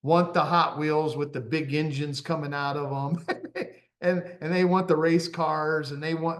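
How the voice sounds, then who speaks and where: Male motivational coach, middle-aged, pitched a touch high, animated and self-deprecating, laughs easily. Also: moderate pace. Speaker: confidence coach. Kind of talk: motivational talk.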